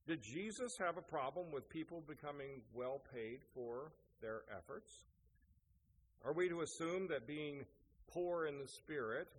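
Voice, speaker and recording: A man's voice: a little high, animated, unhurried. A man preaching a sermon as pastor, telling a story and asking rhetorical questions. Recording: echoey hall, faint noise.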